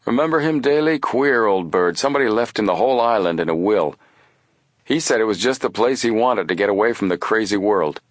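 A man voicing a gruff middle-aged male police chief in an audiobook, blunt and matter-of-fact. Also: lowish voice, animated, fairly quick, dry recording, clean studio sound, pitched above the performer's own voice.

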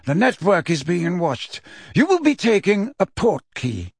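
A man voicing an elderly wizard headmaster who speaks in a measured, authoritative and courteous way, in a dry, close recording. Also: high voice, sing-song, husky, dry recording, pitched above the performer's own voice, heavily acted. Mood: calm, urgent. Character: elderly wise male headmaster wizard, calm and commanding.

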